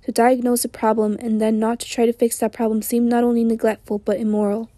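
A hoarse woman narrating an audiobook in a measured, even literary reading. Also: fairly high pitch, dry recording, clean studio sound.

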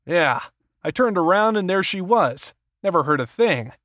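A man's voice: sits high, expressive, normal speed, a bit bright, no room sound, studio quality, pitched above the performer's own voice. A man voicing a shaken but pragmatic male executive who speaks in a wary, matter-of-fact way.

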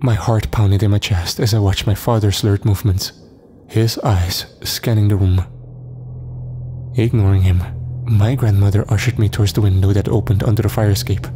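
A man narrating a horror story in a measured, dramatic, scripted style. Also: on the low side, fairly even intonation, warm tone, slight background noise. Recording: long reverb, faint music.

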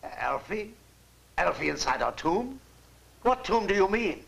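A stern old professor. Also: male voice, high-pitched, big pitch swings, a little slow, vocal fry, a bit bright, heavily acted, rough recording. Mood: indignant. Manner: formal, clipped and dismissive. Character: stern older male professor, cold and commanding. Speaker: professor and father. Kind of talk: dubbed film acting.

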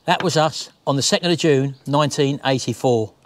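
A man's voice: mid-range voice, a little fast. Chatty, rambling middle-aged man. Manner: chatty, rambling, jokey, calls wife baby. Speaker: vlogger host. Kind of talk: casual chat to camera.

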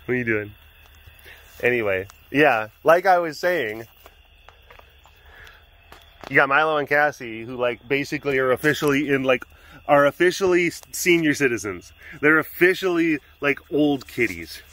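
A man's voice: medium pitch, lively intonation, moderate pace, long pauses, a bit bright. A man keeping big cats, chatting casually and playfully scolding the animals in mock-serious tones, outdoors at an animal facility. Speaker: big cat keeper. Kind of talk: casual vlog.

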